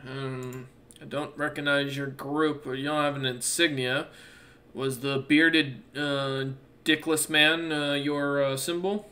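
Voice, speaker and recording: A man's voice: fairly high pitch, steady tone, takes it slowly, bright, forceful tone. A man voicing a scarred, one-armed male dwarf general who questions people crudely and bluntly. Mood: suspicious.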